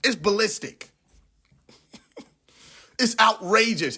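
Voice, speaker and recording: High-pitched, animated young man ranting. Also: moderate pace, pauses often. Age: young adult. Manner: animated, incredulous, laughing often, profane. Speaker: livestream host. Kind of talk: casual livestream rant. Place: in a car.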